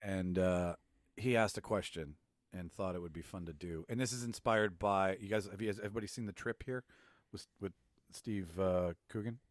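Low-voiced man hosting a casual chat. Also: moderate pace, dry recording. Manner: swearing, leads the segment, laughs easily. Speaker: podcast host.

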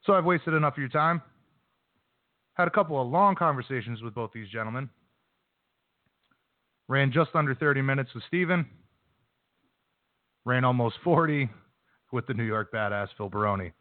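A man's voice: medium pitch, moderate pace, pauses often. Male radio host, brash sports-talk delivery, thin lo-fi phone sound, no room echo. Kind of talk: sports news recap and interview. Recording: dry phone-quality line.

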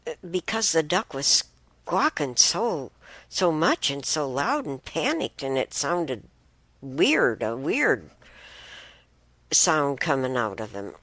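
Woman host telling stories in a relaxed chatty way; deep for her sex, unhurried delivery. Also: no room sound. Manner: unhurried, chatty, with many restarts and fillers. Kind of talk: casual storytelling.

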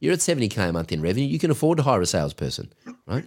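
A man's voice: fairly low pitch, sing-song, rapid-fire, breathy edge. A man co-hosting a business podcast, coaching in an emphatic, directive way. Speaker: podcast co-host, agency coach.

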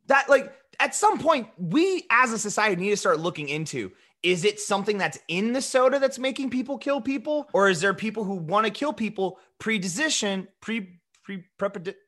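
An animated male podcast co-host, his high voice swooping widely as he jokes. He sounds bright and forward, often tripping over restarts in loose banter. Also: moderate pace, hardly any pauses. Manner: animated, joking, frequent restarts.

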